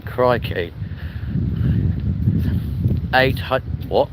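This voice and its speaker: A man's voice: lowish voice, expressive, normal speed. A man, chatting bluntly and swearing freely while live-streaming on a walk through a city park. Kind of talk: casual walking live stream. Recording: loud outdoor wind and street noise. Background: wind and traffic noise.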